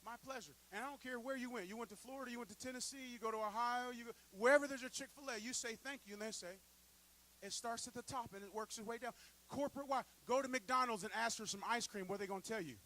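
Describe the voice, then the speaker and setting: Pastor guy preaching in church, high bright voice, storytelling then getting loud. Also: fast, low-quality recording. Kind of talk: sermon. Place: church sanctuary.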